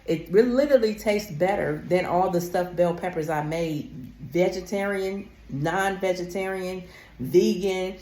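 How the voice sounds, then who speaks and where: A woman's voice: on the low side, measured pace, a little mellow, reverberant. A woman vlogger talking casually and emphatically to her viewers, calling them honey. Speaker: wellness vlogger. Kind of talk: casual talk to camera.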